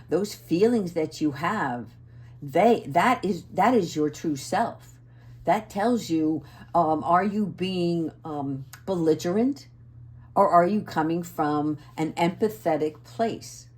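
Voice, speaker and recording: A woman giving a casual spiritual oracle card reading to her viewers, earnest and gentle, often checking in with "right?" and sometimes assertive. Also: fairly low pitch, slow.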